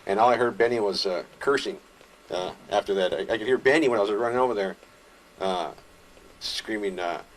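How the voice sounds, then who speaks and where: A man casually recounting his own story in an interview, rambling with fillers and restarts, animated when telling action. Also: lowish voice, brisk.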